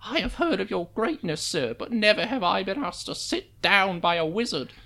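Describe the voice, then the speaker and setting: A man voicing a timid, grateful male house elf in a squeaky, strained high voice. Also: lively intonation, normal speed, vocal fry, bright, forceful tone, heavily acted. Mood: humble. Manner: humble, fawning.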